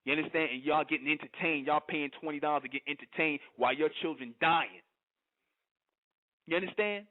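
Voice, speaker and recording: A man hosting a radio broadcast, preaching to his listeners in a forceful, emphatic monologue and often stopping to ask "you understand?". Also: a little high, fairly quick. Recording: narrow phone-like radio audio.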